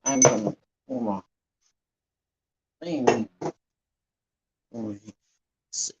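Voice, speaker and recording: A man chatting slowly in a rambling way to live-stream viewers, often clearing his throat. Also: mid-range voice, expressive, very noisy. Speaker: livestreamer painting for viewers. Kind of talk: casual live-stream chat. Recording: dull lo-fi stream audio.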